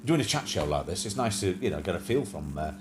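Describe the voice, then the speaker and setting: A man hosts a casual livestream chat show, rambling from one point to the next with plenty of ums and restarts. His pitch swings widely as he jokes around, and faint noise sits behind him. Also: very animated, fast. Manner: rambling, jokey, many fillers and restarts.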